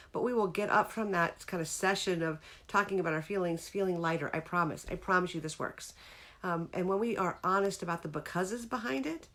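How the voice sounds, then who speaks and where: A woman's voice: mid-range voice, fairly bright tone. A middle-aged woman hosting a casual live-streamed talk about feelings, speaking earnestly and breaking off to greet viewers by name. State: tearful near the end.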